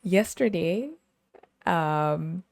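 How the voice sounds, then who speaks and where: A woman hosting a podcast, telling stories in an animated, casual way and laughing often. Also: fairly low pitch, drawn-out words, gravelly, no echo, studio quality. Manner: animated storytelling, laughs often, sings snippets. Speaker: podcast host. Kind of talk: casual chat.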